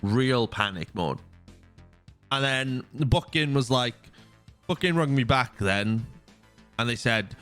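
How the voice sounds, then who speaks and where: A man in his thirties venting on a livestream, swearing freely as he tells his story. His voice sits at an ordinary, middle pitch, with faint music playing underneath. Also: takes it slowly, pauses often. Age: 30s. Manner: animated venting, heavy swearing. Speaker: streamer.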